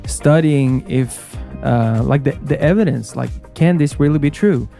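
Young man, radio guest, mellow voice, hesitant, faint music behind. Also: medium pitch, unhurried, vocal fry. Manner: hesitant, many ums. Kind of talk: interview answer.

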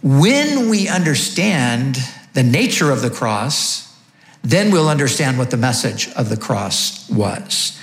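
A man's voice: mid-range voice, big pitch swings, takes it slowly, roomy sound. A man preaching a sermon, teaching emphatically and asking rhetorical questions. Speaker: pastor.

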